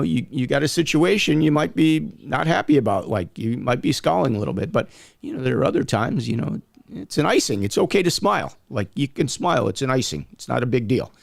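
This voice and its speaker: Gravelly man giving casual referee advice. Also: mid-range voice, no echo, studio quality. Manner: conversational, many fillers, animated when quoting people. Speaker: podcast co-host, hockey referee.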